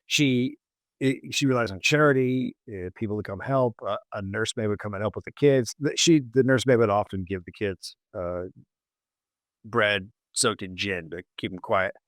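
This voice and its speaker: A man hosting a comedy podcast, retelling a history story casually with halting restarts. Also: lowish voice, no room sound, studio quality. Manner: halting, many restarts and fillers.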